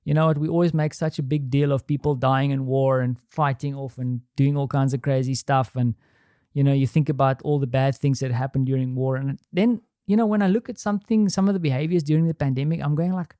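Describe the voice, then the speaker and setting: A middle-aged man thinking out loud in a candid, rambling solo monologue, restarting sentences and swearing now and then. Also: medium pitch, fairly quick, no echo, clean studio sound. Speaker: podcast host. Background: quiet home.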